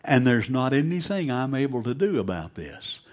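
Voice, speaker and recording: A bitter farmer grumbles and snaps in a tight, raised voice, as a preacher puts him on. His anger simmers throughout, his speech jumping high and loud. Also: sing-song, moderate pace, close to an everyday voice. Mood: grudging. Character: resentful grown farmer man, seething with anger.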